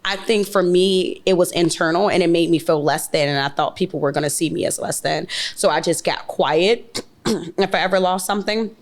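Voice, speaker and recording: A woman in her thirties co-hosting a podcast in casual chat, an animated storyteller who jumps up high to mimic other people. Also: normal speed. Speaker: podcast co-host.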